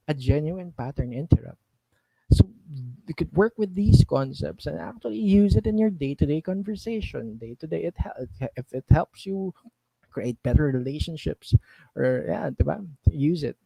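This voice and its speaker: Filipino man, coach, gravelly and a bit high, bilingual teaching style, keeps asking the audience. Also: dark tone, no room sound, rough recording. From Philippines. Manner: switches between English and Tagalog, checking in often with the listeners. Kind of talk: live coaching talk.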